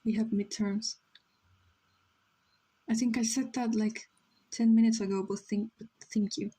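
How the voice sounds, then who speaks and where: Mellow-voiced young woman chatting on stream. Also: on the high side, steady tone, measured pace, husky, poor audio. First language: Spanish. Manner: rambling, reads chat aloud, many "like" fillers. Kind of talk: casual livestream chat while drawing.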